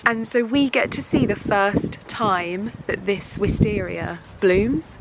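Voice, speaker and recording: A woman vlogging casually in her garden and greenhouse, gushing and excitable, gasping with delight. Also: medium pitch, a little slow, few pauses, very noisy. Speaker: lifestyle vlogger. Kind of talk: casual vlog to camera.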